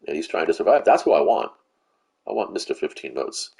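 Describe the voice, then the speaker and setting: A man's voice: a bass voice, very animated, brisk, vocal fry, darkish tone, slightly rough. A man giving profane, rambling commentary while he plays a game, venting his frustration. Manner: rambling with restarts and fillers. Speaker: gaming channel host. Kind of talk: live gameplay commentary.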